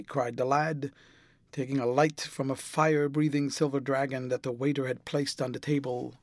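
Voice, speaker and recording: A man reading a classic novel aloud as an audiobook narrator, in a measured, even way. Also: mid-range voice, no room sound.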